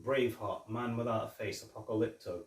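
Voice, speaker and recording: A man's voice: on the low side, steady tone, fairly quick. A man hosting a podcast, chatting casually about a film and retelling scenes with many restarts. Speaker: podcast host. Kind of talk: casual film review chat. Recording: roomy echo, distant mic.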